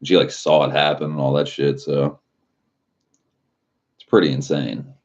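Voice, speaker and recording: Very deep-voiced man, rambling casually. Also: little pitch movement, a little slow, muffled recording. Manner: loose rambling, heavy on filler words and swearing. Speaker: live streamer. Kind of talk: casual chat.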